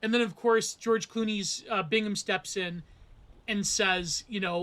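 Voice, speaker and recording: A man's voice: high-pitched, steady tone, measured pace, bright, forceful tone. A man talking through a film review in a casual, rambling monologue, full of digressions and asides.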